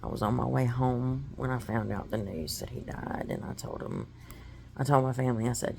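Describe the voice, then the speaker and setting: A woman's voice: very deep voice, fairly even intonation, moderate pace, creaky, darkish tone, a little hiss or hum. A woman giving a personal testimony, telling her story in an earnest, emotional way.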